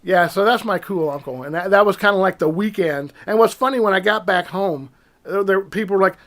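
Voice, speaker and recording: Animated storytelling man, fairly high voice. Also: brisk. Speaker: podcast guest. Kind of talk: casual chat.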